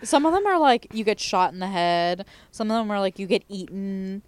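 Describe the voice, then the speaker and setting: A woman with a smooth, clear voice, chatting casually and telling funny anecdotes. She acts out quotes from other players in a playful tone. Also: mid-range voice, expressive, normal speed. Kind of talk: casual chat.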